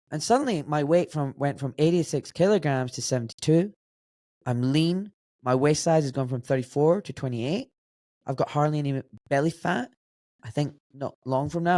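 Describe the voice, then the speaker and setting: A man's voice: fairly high pitch, expressive, moderate pace, mellow, no echo. Glaswegian man, forties, podcast guest; blunt, direct delivery, dry close-up sound. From Scotland. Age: 40s. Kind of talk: casual interview conversation.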